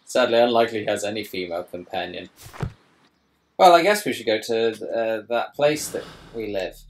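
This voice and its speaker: A man's voice: on the low side, normal speed, slight background noise. A man from England playing with words while co-hosting a let's play. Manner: playful, wordplay. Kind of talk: casual gameplay commentary.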